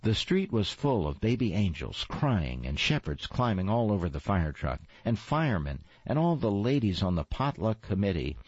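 A man reads a storybook in a very low, husky voice, wry and lively, with plenty of rise and fall. The recording is dry and slightly dull. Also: normal speed, hardly any pauses, dry recording. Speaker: narrator. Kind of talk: storybook reading.

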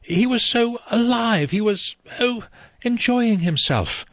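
A woman's voice: low-pitched, animated, darkish tone, no room sound, pitched above the performer's own voice. A man reading a novel aloud, voicing a shaken young woman who falters as she speaks, on a dull lo-fi recording. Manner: halting, faltering speech.

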